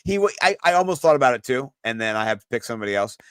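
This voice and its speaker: A man co-hosting a sports podcast, talking excitedly and loosely, with lots of fillers and some swearing. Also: mid-range voice, rapid-fire, clear, resonant tone, no room sound. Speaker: podcast co-host. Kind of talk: casual sports chat.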